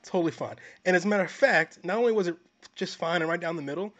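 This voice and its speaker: A man co-hosting a film review podcast, chatting casually in a dry, deadpan, long-winded way. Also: high voice, fast talker. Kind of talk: casual chat. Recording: dull lo-fi audio.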